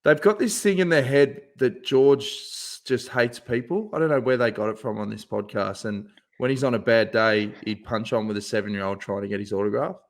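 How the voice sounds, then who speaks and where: A man co-hosting a casual podcast at a middle pitch, bantering, laughing, and spinning stories about weddings and riders. His delivery stays loose and conversational. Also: fairly quick, few pauses. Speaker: podcast host. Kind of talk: casual chat.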